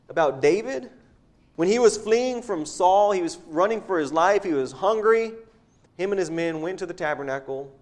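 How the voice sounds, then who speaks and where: Male preacher, somewhat high pitch, relaxed conversational sermon delivery. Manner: conversational, repeats words, chuckles at points.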